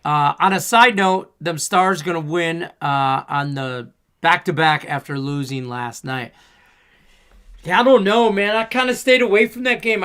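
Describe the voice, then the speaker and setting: A man's voice: high-pitched, fairly bright tone, clear, resonant tone. A man hosting a casual sports betting show, reading viewer chat messages aloud in an upbeat way. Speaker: podcast host.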